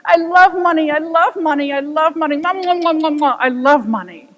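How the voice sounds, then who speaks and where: A woman's voice: high voice, normal speed, voice pushed up, natural voice. Woman playing a gloating showman lecturer. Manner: gloating, smacking noises, singsong repetition. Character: showy middle-aged male lecturer, smug and provocative. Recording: long reverb of a church hall.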